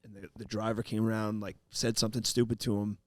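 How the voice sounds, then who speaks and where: A man's voice: lowish voice, little pitch movement, fast talker, no echo, clean studio sound. A man, telling a story in casual podcast chat and quoting an old coworker.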